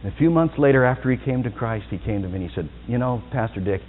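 A man preaching a sermon as pastor, swinging from soft, low asides to loud, high-pitched exhortations. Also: lively intonation, fast talker. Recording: tinny phone-like sound in a reverberant hall.

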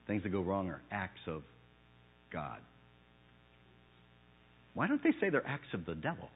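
Male pastor, husky timbre, sermon with personal anecdotes and emphatic peaks, tinny phone-like recording. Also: wildly swooping pitch, a little slow, in a large hall. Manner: swings from low, hushed phrases to loud, emphatic preaching. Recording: narrow phone-like sound.

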